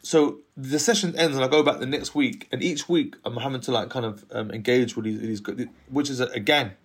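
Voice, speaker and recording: A man's voice: mid-range voice, brisk, slightly rough. A man in his thirties telling a story in casual conversation, acting out other people's voices and laughing often.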